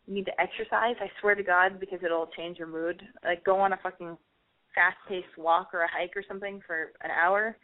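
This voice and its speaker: A woman's voice: fairly low pitch, fairly even intonation, brisk. A woman hosting a casual advice call, giving a rambling, profane, emphatic pep talk. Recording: tinny phone-line sound.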